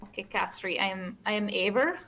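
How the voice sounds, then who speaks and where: A woman's voice: medium pitch, fairly quick, pushed and bright, a little hiss or hum. Giggly, hesitant woman player. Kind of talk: playing a tabletop game.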